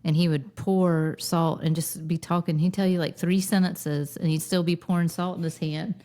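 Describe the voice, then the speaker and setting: A woman in her thirties with a Lowcountry Southern accent, co-hosting a podcast and telling wry, nostalgic stories with frequent laughter. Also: fairly even intonation, normal speed, warm tone. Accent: Southern US (Lowcountry South Carolina). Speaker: podcast co-host. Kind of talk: casual nostalgic chat.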